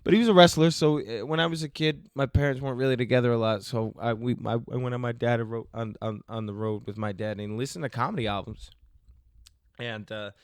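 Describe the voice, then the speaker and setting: Smooth-voiced joking podcast host man. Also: mid-range voice, steady tone, a little fast, no echo, studio quality. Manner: joking, rambling, self-mocking. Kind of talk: casual solo Q&A.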